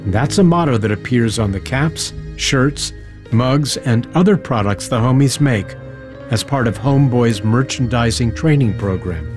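A man hosting a podcast, asking thoughtful questions and narrating in a measured way. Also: medium pitch, animated, darkish tone, soft background music. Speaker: podcast host. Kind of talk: interview and scripted narration.

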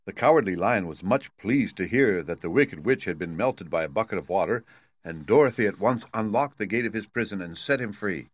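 Low-voiced man reading a storybook. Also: no room sound. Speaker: narrator. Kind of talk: scripted storybook narration.

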